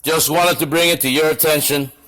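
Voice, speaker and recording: A man's voice: a little high, steady tone, fairly quick, sharp tone, rough recording. Angry, blunt machinist man. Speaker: shop machinist. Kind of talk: workshop demonstration to camera.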